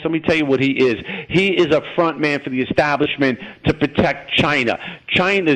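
A male caller with a Michigan accent rants with fiery emphasis over a phone line. His voice sits a bit high and he keeps calling the listeners folks. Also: fairly bright tone. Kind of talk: impassioned call-in rant.

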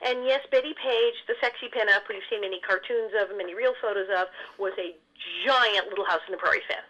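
Bright-voiced woman telling lively stories. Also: mid-range voice, highs cut off. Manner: animated, quick storyteller who laughs often. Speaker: interview guest, actress. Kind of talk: casual storytelling chat.

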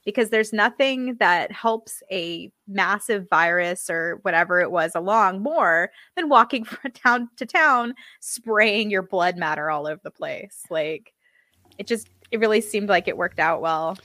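Bright-voiced chatty woman. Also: mid-range voice, no room sound. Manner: chatty, laughing, quick asides. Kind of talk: casual chat.

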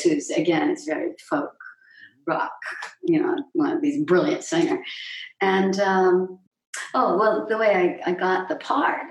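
A woman's voice: fairly low pitch, darkish tone. A woman stage actress telling stories as an interview guest, chatty, breaking off mid-sentence and acting out what others said. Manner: chatty, self-interrupting, acts out quotes. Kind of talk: anecdotal interview storytelling. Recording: roomy echo, distant mic.

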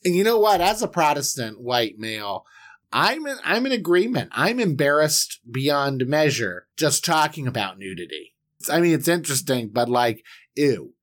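A playful man tells an old story as a comedy bit, his pitch leaping up and down as he jokes. He slips into quick voices for the characters and keeps the tone loose and silly. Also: big pitch swings. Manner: playful, jokey, acts out characters in quick asides. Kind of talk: comedic Bible retelling.

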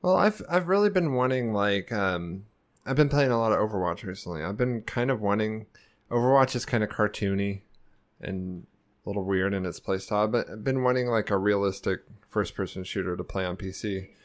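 A man's voice: fairly low pitch, a little fast. A man co-hosting a podcast, chatting about games and teasing with laughs. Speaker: podcast co-host. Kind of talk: casual chat.

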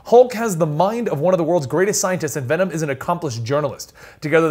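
High, lively male podcast host. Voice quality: laughs often, animated. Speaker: podcast host reading a list. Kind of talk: casual chat.

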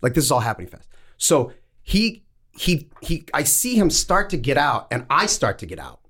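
Animated, profane storytelling man. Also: mid-range voice, moderate pace, husky. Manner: animated, profane, acts out dialogue. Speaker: podcast co-host. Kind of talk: casual storytelling chat.

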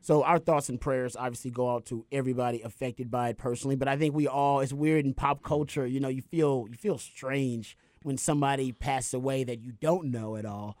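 A man co-hosting a sports talk show, chatting casually and animatedly retelling a story, his voice jumping higher when he quotes others. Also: fairly even intonation, brisk, few pauses, a little mellow, no room sound. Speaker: podcast co-host. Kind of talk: casual chat.

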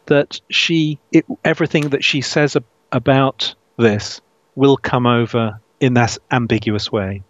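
A man being interviewed about his writing, speaking thoughtfully with frequent restarts and soft laughs. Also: medium pitch, measured pace, no room sound. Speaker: author guest. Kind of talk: casual interview. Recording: dull dry lo-fi sound.

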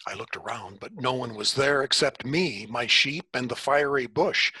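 A man telling a story in the first person, unhurried, with dramatic pauses. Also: medium pitch, gravelly, sharp tone, breathy edge, dry recording.

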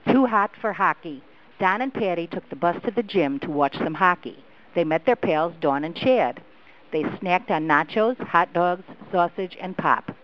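A woman calling in by phone and reading a short script aloud at a steady pace. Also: lowish voice, normal speed. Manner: steady read-aloud cadence. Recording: phone call recording.

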